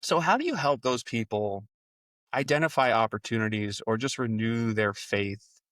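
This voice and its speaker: A man with a New York accent hosting a podcast, chatting casually and leaning on "you know" as he tells animated stories. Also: medium pitch, normal speed, no room sound, recorded from a distance. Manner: filler-heavy, animated storytelling with voiced reactions. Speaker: podcast host. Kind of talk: casual interview chat.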